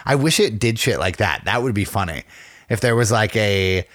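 A man's voice: on the low side, expressive, normal speed, a bit bright, no room sound, clean studio sound. A young man co-hosting a casual podcast, rambling with lots of fillers, joking and swearing. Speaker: podcast co-host.

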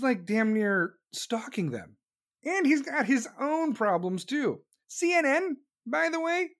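A man delivering a profane, sarcastic political rant as commentator. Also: high voice. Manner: angry, sarcastic, mocking.

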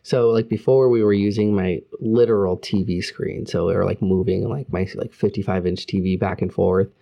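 A man co-hosting a casual streamed chat show, with a mellow, darker voice. He swears freely and grumbles in an animated way, keeping things loose and conversational. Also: on the low side, normal speed, vocal fry, highs cut off. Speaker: podcast co-host.

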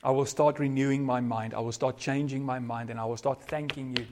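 A man's voice: mid-range voice, fairly even intonation, brisk. Earnest South African preacher man. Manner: earnest preaching, code-switching, varied loudness. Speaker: pastor. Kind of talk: sermon.

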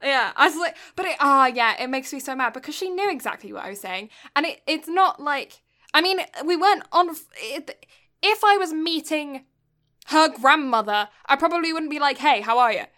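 A woman's voice: high-pitched, animated, normal speed, bright, forceful tone. A young woman from Britain telling a long story in casual chat, rambling with lots of fillers and getting exasperated.

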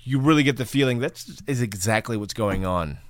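A man's voice: mid-range voice, a little fast. A man co-hosting a casual film chat, giving blunt opinions and laughing often. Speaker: podcast co-host.

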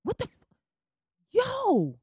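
Young woman podcast host, loose comedic rant, slangy and animated, dry close mic. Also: very high voice, takes it slowly, dry recording. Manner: animated, slangy, beatboxes and riffs.

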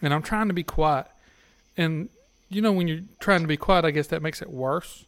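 A man's voice: a little high, normal speed, fairly bright tone, no room sound. Man telling crude stories, laughing often. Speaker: podcast guest. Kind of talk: casual storytelling chat.

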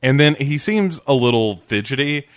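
A man's voice: mid-range voice, lively intonation, normal speed, no room sound, studio quality. A man in casual podcast chat, recapping a TV scene in a playful way and often laughing.

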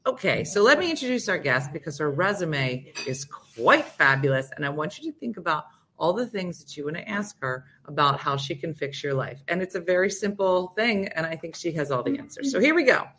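Low-voiced joking woman hosting a morning show. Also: sing-song, fairly quick, a bit bright, slight background noise. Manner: joking, chatty, rambling asides. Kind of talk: casual chat.

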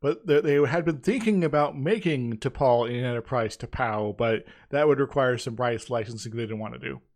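Podcast co-host, male, mid pitch, hesitant and chuckly. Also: normal speed, a little mellow. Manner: hesitant, many uhs and restarts, chuckles often. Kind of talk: casual podcast discussion.

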